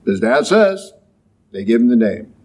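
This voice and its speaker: A man's voice: medium pitch, sing-song, unhurried, darkish tone. A man preaching a sermon in a conversational way, often checking in with "okay?" and briefly acting out the people he quotes. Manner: conversational, acts out quoted voices, frequent "okay?" and "yeah?".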